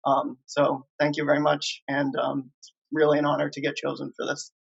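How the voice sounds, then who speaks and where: A man's voice: a little high, completely flat delivery, moderate pace, vocal fry, breathy edge. A man honoree giving an earnest thank-you speech with fillers. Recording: muffled lo-fi recording.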